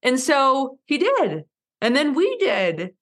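A woman in her forties telling her story as an interview guest, lively and laughing often, acting out quoted lines with big jumps in pitch. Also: takes it slowly. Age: 40s. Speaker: guest, mountaineer and speaker.

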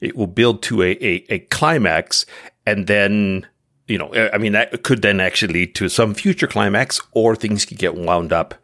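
A man with a fairly low voice explains things casually on a podcast. He backs up and restarts his sentences often as he goes. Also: moderate pace, fairly bright tone. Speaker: podcast co-host.

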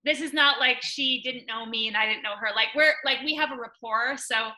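A young woman on a podcast telling a personal story in a chatty way, full of "like" and loud acted-out quotes. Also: on the high side, a little fast, low-quality recording. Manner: chatty, many "like" fillers, acts out quotes loudly. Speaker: podcast guest.

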